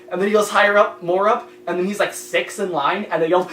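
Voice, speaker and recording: A man's voice: high voice, fairly even intonation, fast talker, few pauses. Rambling young man in an echoey room. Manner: rambling storyteller, crude, yells in retold quotes. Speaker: podcast regular. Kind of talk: casual chat among friends. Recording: echoey room with faint hum.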